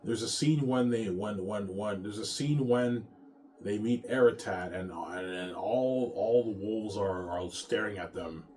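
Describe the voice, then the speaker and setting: A male author talking in a casual monologue, animated, often stumbling and restarting his sentences. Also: fairly low pitch, unhurried, slight background noise. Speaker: author and vlogger.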